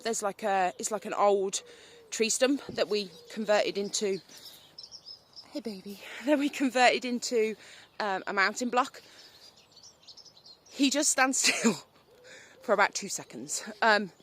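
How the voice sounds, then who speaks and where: A British woman in her thirties, a vlogger, holds her phone while riding her horse through fields and rambles in a relaxed, chatty way with plenty of ums, now and then turning to talk to the horse. Her voice is medium in pitch and measured in pace. Faint outdoor ambience with animal sounds runs underneath.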